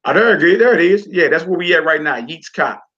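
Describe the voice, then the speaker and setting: A man teaching a Hebrew reading class in a relaxed, informal way, talking to students while he works the screen. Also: a little high, fairly quick. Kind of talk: casual online class lesson. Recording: lo-fi recording.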